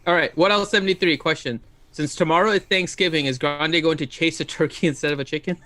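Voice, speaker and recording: A fairly high-voiced man co-hosts a casual gaming livestream, reading out viewer questions in an easygoing way. His voice is recorded dry and close, with no room sound. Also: fast, sharp tone, no echo. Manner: easygoing, laughs while reading.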